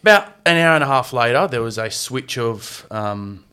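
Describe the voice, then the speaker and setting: A man with an Australian accent co-hosting a casual podcast, telling an animated story with laughs. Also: medium pitch, normal speed, smooth. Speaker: podcast co-host.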